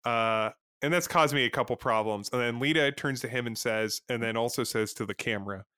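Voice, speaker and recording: Man, podcast co-host, bright clear tone, dry close sound, rambling casual recap. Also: medium pitch, fairly quick, no room sound. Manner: rambling, lots of fillers, acts out lines.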